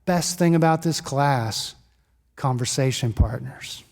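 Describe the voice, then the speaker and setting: A man preaching a sermon as pastor, telling stories in a conversational, lively way. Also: medium pitch, slow pace, creaky. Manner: storytelling, conversational and animated. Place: church sanctuary. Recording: long church reverb.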